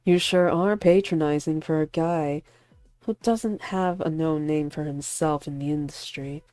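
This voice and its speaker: A woman reads a vengeful young male actor in a visual novel, taunting and sharp. Her own low voice carries the lines without much change. The sound is dry and close. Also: a little slow, no room sound, faint music behind. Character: spiteful young man, rival actor bent on revenge.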